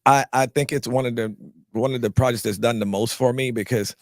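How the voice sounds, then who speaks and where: This actor from North Carolina talks fairly quickly in a mid-range voice as he shares his life story in an interview. Animated, he acts out the people he quotes and often repeats words while restarting; the studio sound is clean, without echo.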